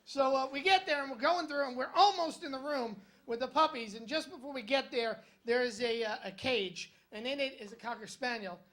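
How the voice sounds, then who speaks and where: A man's voice: very high voice, brisk, hardly any pauses, bright, forceful tone. A male stand-up comedian telling jokes and stories on a comedy club stage in a wry, conversational way, with punchy jokes. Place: comedy club stage in front of a live audience.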